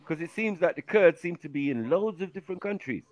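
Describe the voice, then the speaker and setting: A man's voice: a little high, lively intonation, brisk, no echo. A man chatting casually on a podcast, slangy, putting on voices and laughing often. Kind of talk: casual chat. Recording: dry, dull lo-fi sound.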